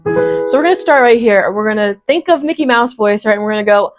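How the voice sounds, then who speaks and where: A woman's voice: a little high, animated, quick pace, over music. A woman in her twenties teaching an online singing lesson, explaining step by step and encouraging with frequent check-ins. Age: 20s.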